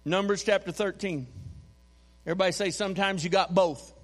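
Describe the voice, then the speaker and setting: A man preaching a sermon in a church, animated and calling on the congregation to repeat phrases back to him. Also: high voice, brisk, in a large hall. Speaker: pastor. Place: church sanctuary.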